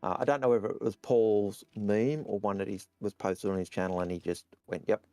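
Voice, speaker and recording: A man's voice: on the low side, steady tone, a little fast, warm tone, dry recording, faint music behind. A man co-hosting a casual Q&A, reading out viewer questions and chatting, often repeating words as he starts his sentences. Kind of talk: casual Q&A chat.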